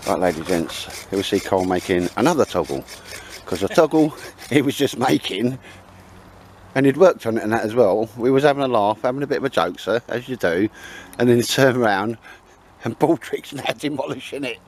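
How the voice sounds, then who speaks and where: Jokey bloke with a lively voice. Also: male voice, mid-range voice, fairly quick, a little hiss or hum. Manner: jokey, banter-heavy, laughs a lot. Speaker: vlogger. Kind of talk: casual outdoor vlog chat. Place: woods, outdoors.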